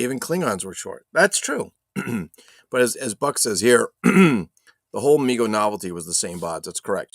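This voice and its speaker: A low, gravelly male voice runs a loose, joking live stream from his home setup. He swears casually and reads viewers' chat aloud. The sound is dry and close, with no room echo.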